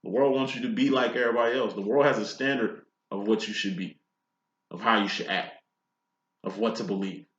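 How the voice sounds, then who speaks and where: A man's voice: on the low side, fairly even intonation, brisk, fairly bright tone. Profane, fired-up male tarot reader. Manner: profane, blunt, preachy. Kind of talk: casual tarot reading with rants. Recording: echoey room, dull lo-fi sound.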